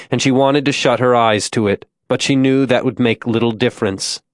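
Guy reading a creepy novel aloud, steady pace, dead dry recording. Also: medium pitch, dry recording. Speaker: audiobook narrator. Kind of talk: scripted narration.

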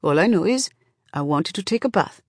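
A woman reading an audiobook voices a defiant young man who speaks flatly and defensively. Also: lowish voice, fairly quick, no echo, studio quality. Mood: sullen.

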